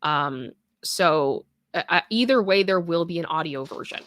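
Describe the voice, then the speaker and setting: A woman's voice: lowish voice, lively intonation, a little slow, a bit bright, dry recording. A young adult woman hosting a casual live stream, reading viewer comments and chatting in a rambling way with many fillers and restarts.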